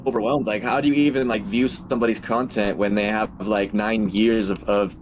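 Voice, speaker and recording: A man's voice: lowish voice, steady tone, a little fast, crowd noise. A man streaming a game, chatting casually and loosely with lots of slang. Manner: laid-back, slangy, says dude and bro. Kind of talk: casual gaming chat.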